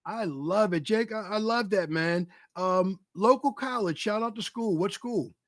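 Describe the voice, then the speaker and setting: An energetic male podcast host with a high voice and a hyped, emphatic delivery, repeating phrases for effect. His voice sounds dry and close, with no room around it, as he welcomes his audience and interviews a guest. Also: unhurried, no echo. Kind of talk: live podcast hosting and interviewing.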